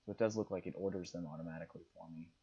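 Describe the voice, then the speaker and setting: A young man with a low, husky voice chats casually while he plays. He muses aloud and reads passages off the screen. The recording sounds dull and lo-fi. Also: fairly even intonation, rapid-fire, mellow. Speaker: gaming streamer. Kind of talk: casual gameplay commentary.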